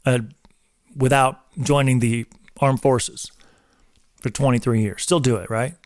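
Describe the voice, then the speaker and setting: A man's voice: mid-range voice, fairly even intonation, a little slow, dry recording, studio quality. A man in his forties, a personal trainer and show host, talking casually and preaching in an emphatic, repetitive way like a drill instructor. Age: 40s.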